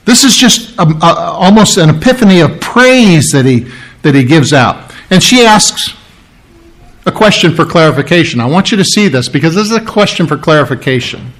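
A man preaching a sermon, explaining scripture earnestly and acting out the story with lively voices. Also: on the high side, normal speed, poor audio.

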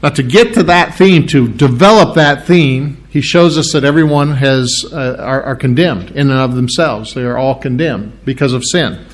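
A middle-aged man preaching an expository sermon to his congregation, halting often and clearing his throat. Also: mid-range voice. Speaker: pastor.

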